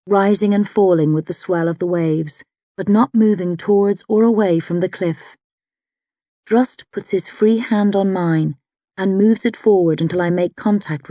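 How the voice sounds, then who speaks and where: Low-voiced woman reading an audiobook. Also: moderate pace, warm tone, dry recording. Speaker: audiobook narrator. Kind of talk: first-person audiobook narration.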